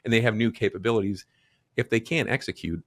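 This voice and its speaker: A middle-aged man co-hosting a business podcast, speaking in a measured way and explaining points with analogies. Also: lowish voice, dry recording. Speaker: podcast co-host, banking advisor. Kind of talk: casual business podcast chat.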